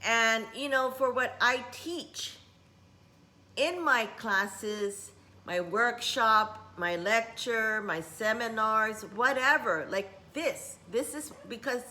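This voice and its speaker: Speaking at an unhurried pace with a fairly high pitch, this middle-aged spiritual workshop teacher wanders warmly through a relaxed vlog. Japanese words slip into her rambling speech.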